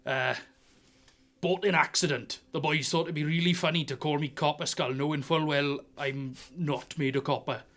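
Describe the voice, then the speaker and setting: A man's voice: fairly high pitch, steady tone, moderate pace, fairly bright tone, a little hiss or hum, natural voice. A man voicing a scarred dragonborn sailor and dockworker who talks in a drawling, matter-of-fact way. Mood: dry.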